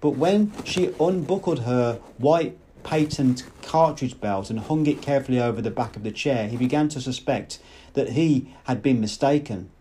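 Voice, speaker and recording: A man narrating a literary audiobook in a measured, expressive way. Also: mid-range voice, slight background noise.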